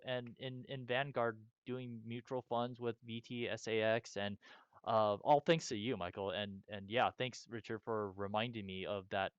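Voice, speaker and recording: A man's voice: medium pitch, a bit bright, clear, resonant tone, no echo. Worked-up man ranting, dull lo-fi sound. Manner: agitated ranting with many restarts and fillers. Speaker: host. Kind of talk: casual chat.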